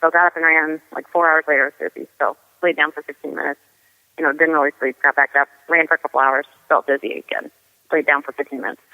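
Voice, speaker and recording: A woman's voice: sits low, level tone, fast talker. A woman guest telling a race story in a chatty way, full of "like" and "you know". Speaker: guest ultrarunner. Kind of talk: casual storytelling. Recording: tinny phone line with long reverb.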